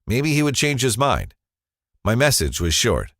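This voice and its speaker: A man's voice: mid-range voice, huge pitch swings, unhurried, fairly bright tone, no echo, clean studio sound. A man narrating a scripted first-person advertisement story in a dramatic, confessional storytelling manner.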